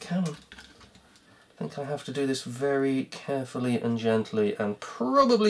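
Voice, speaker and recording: Repair vlogger, muttering self-talk, sarcastic grumbling, lively up-and-down pitch, faint background noise. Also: normal speed. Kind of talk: muttering commentary while repairing.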